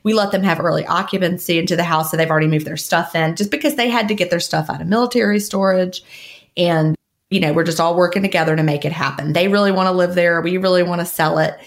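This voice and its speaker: A woman's voice: on the low side, fast talker. A woman co-hosting a podcast in casual chat, rambling and laughing often as she talks. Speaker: podcast co-host.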